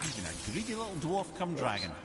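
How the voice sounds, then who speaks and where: An actor playing Mimir, a chatty, wry severed head of an old god. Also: male voice, fairly high pitch, wildly swooping pitch, fast talker. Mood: scornful. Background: game music.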